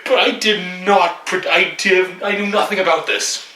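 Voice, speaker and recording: A man's voice: sits high, steady tone, measured pace, pushed and bright. A man giving a casual, joking reaction review of a movie, sarcastic and rambling. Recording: roomy echoey room.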